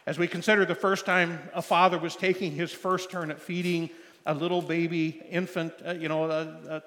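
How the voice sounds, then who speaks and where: An older man preaching a sermon, telling stories in a folksy way with many pauses and restarts. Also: a little high, little pitch movement, fairly bright tone. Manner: folksy storytelling with frequent fillers and restarts. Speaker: pastor. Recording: long hall reverb.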